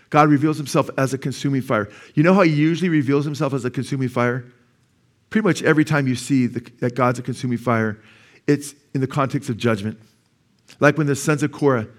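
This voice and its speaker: Male pastor preaching, chatty style, keeps asking the crowd right? amen?, mid pitch. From United States. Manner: conversational preaching, asks the congregation "right?" and "amen?". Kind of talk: sermon.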